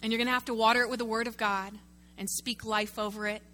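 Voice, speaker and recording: Speaking quickly, this animated woman pastor delivers her sermon in a high, very bright voice. She keeps addressing the congregation directly and drawing them in with questions, lively throughout and working with a prop.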